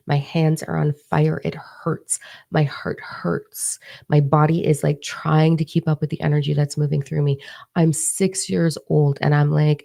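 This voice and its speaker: A woman's voice: low-pitched, creaky, warm tone. A woman spiritual coach talking straight to her live-stream viewers, blunt and emphatic, swearing heavily as she urges them on. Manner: blunt, heavy swearing, emphatic calls to action. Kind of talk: intense motivational talk to viewers.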